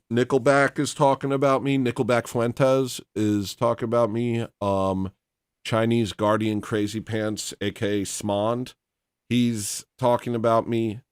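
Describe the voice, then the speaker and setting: A man hosting a casual livestream, reading donations and rambling in a deadpan, teasing, self-mocking way. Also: medium pitch, no room sound, studio quality.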